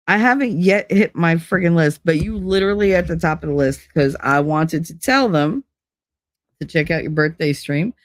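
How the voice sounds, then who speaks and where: A woman's voice: deep voice, no echo, clean studio sound. A woman live streamer in casual chat, rambling from one story to the next, giggling and swearing freely.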